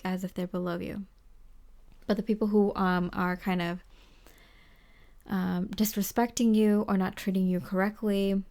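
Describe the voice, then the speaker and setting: A woman giving a tarot reading to the viewer, gentle and reassuring, rambling with lots of fillers. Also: mid-range voice. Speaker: tarot reader. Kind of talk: casual spoken tarot reading.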